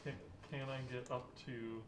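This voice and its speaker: A man's voice: mid-range voice, flat delivery, normal speed. A man casually playing a tabletop game and describing his moves. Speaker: player. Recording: echoey room with background noise.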